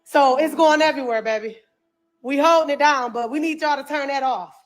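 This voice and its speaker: A woman filming on her phone while clearing out a dirty house, talking bluntly with lots of swearing and exclamations. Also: sits high, fairly quick. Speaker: cleanup crew member filming a house. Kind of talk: casual vlog commentary while working.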